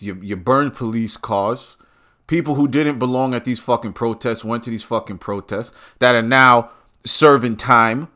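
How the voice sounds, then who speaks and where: Man, heated rant, profane, repetitive, mid-pitched voice. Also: a bit bright. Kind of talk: ranting monologue.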